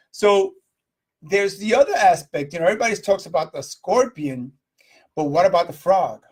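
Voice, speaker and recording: A man hosting a live video stream, giving a casual motivational talk, rambling and asking his viewers questions. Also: on the high side. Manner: rambling, repeats himself, asks viewers questions.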